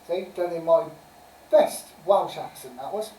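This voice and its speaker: A woman's voice: fairly low pitch, unhurried, warm tone. A woman hosting a casual live-stream quiz, chatty and giggly as she reads out answers and scores. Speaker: quiz host. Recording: roomy sound from a distant mic.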